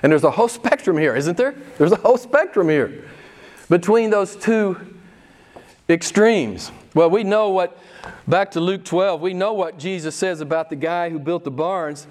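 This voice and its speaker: A man's voice: high-pitched, normal speed, darkish tone. A male pastor preaching a sermon, emphatic and repeating his key phrases for weight.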